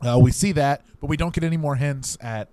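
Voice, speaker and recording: A man's voice: a little fast, dark tone, no echo. A man co-hosting a comedy podcast, talking in a loose, rambling way. He spins silly invented movie plots, stopping often for ums and little asides. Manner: rambling, pitching absurd made-up movie plots. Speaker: podcast co-host; teacher. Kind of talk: casual comedic chat.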